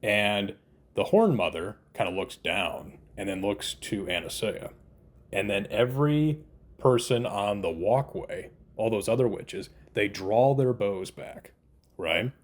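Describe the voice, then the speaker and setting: A man's voice: fairly low pitch, unhurried. A man giving a casual spoken TV review, exasperated and incredulous, often laughing in disbelief. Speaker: TV show reviewer.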